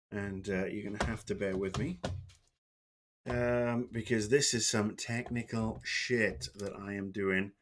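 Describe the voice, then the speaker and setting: Speaking in a lowish voice with some brightness, a middle-aged man from Wales chats on a livestream. He wanders from topic to topic, cursing and poking fun at himself.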